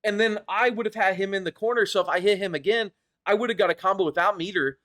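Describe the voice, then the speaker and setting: A man's voice: sits high, fast, fairly bright tone. A young man casually commenting over his own tournament footage, rambling and self-critical, swearing and laughing at his mistakes. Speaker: gaming YouTuber reviewing his own tournament match.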